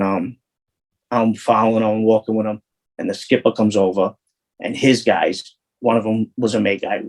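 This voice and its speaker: A man's voice: fairly low pitch, breathy edge, low-quality recording. A man, an interview guest telling rambling, profane street stories full of restarts. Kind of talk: casual storytelling.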